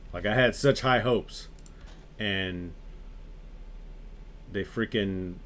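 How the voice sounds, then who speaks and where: Guy streaming a game, kinda low voice, ranting and cussing to chat. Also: very slow. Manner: animated, ranting, swears freely. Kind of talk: casual chat with live viewers.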